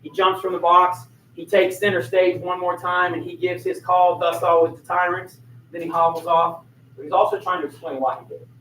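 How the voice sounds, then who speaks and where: Man teaching a history class, talks kinda high, asks the room questions, echoey far-off mic. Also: fairly even intonation, a little fast, a bit bright, slight background noise.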